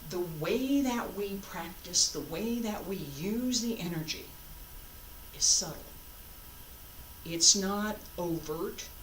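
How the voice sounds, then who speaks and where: A woman teaching a martial arts class, counting students through moves and calmly correcting their form. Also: mid-range voice. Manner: calm, deliberate, corrective coaching. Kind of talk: class instruction with counted cues. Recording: echoey room, distant mic, faint background noise.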